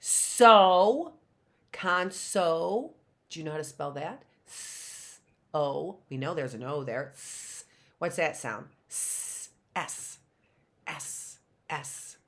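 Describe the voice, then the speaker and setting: Slow-talking woman teaching phonics. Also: low-pitched, lively intonation, a bit bright. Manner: slow, sounding out words syllable by syllable. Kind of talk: phonics lesson for young children.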